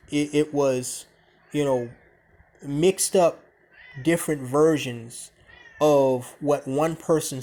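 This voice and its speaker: Profane, blunt man ranting to camera. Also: a little high. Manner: profane, blunt, animated storytelling. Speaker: vlogger. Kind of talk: casual storytelling rant to camera.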